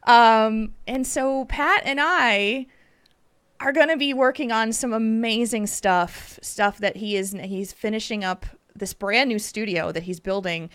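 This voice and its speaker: A woman hosting a podcast in casual, chatty talk, animated and rambling with fillers. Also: on the high side, measured pace, smooth, no echo. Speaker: podcast host.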